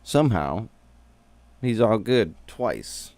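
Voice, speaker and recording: A man with a deep, low voice talks loosely through an episode recap, swearing and riffing as he goes. The sound is close and dry, with almost no room around it. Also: very animated, slow pace, a little mellow, no echo. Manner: slangy, profane, rambling. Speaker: streamer.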